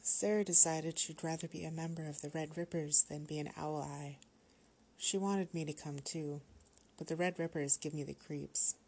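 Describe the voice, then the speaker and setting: A wary teenage girl speaks quietly in a low, soft voice from a storybook reading, as a woman narrator puts her on. She sounds subdued and a little uneasy. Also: fairly even intonation, normal speed, slightly rough.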